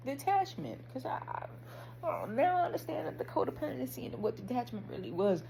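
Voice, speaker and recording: A woman's voice: high voice, sing-song, a little fast, creaky, mellow, slight background noise, rough recording. A woman talking candidly to camera, slangy and swearing, laughing at herself as she reflects. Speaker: vlogger. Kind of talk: casual spiritual monologue.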